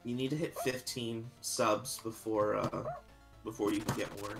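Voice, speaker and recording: A man's voice: lowish voice, steady tone, measured pace, creaky. A man chatting casually on a live stream while gaming, sleepy and yawning, rambling with many restarts. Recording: stream audio with game music behind. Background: game music.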